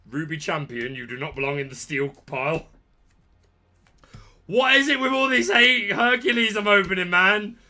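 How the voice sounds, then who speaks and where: Ripping open card packs for his trading card channel, a high-pitched host keeps up excitable, casual commentary. He trash-talks jokingly and shouts out without warning.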